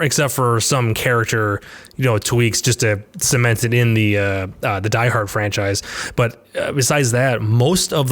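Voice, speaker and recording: A man co-hosting a casual film podcast, talking in a rambling way with many restarts. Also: mid-range voice. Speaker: podcast co-host.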